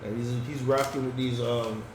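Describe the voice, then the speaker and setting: A man co-hosting a podcast, agreeable and quick to laugh in casual banter. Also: mid-range voice, steady tone. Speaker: podcast co-host. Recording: roomy room with background noise.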